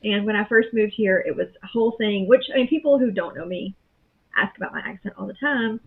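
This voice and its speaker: Guest: Southern-accented woman, husky, chatty and friendly, heard over a phone-like line. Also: medium pitch, a little fast. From Southern United States. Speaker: podcast guest. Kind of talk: casual interview chat. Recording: phone-like call audio.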